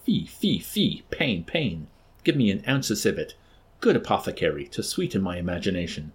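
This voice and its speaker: A man voicing an enraged, unstable young man who shouts and rants verse. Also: deep voice, very animated, moderate pace, breathy edge, heavily acted. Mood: ranting. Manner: shouting, ranting recitation.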